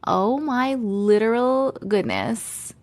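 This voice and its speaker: Woman, Long Island accent, livestream host, chatty and giggly, higher voice. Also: takes it slowly. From Long Island, New York. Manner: chatty, animated, lots of likes and giggles. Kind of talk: casual live chat reading comments.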